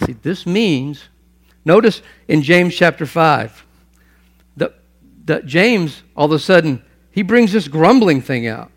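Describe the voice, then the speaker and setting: A man preaching a sermon, emphatic, swinging between loud stresses and hushed asides and repeating phrases for weight. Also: on the high side, animated, slow pace. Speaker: pastor.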